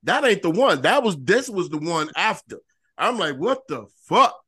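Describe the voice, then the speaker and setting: A man co-hosting a podcast, telling a long profane story in animated, repetitive bursts. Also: high-pitched, moderate pace, husky. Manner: profane, animated storyteller who repeats phrases. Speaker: podcast co-host. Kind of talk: casual storytelling chat.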